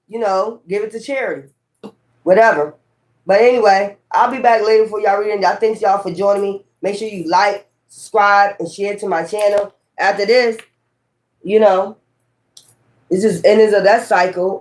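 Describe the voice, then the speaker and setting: A woman tarot reader chatting casually and bluntly to her viewers, swearing freely and repeating herself for emphasis. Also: mid-range voice. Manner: repetitive, talks straight to viewers. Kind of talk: casual tarot reading chat.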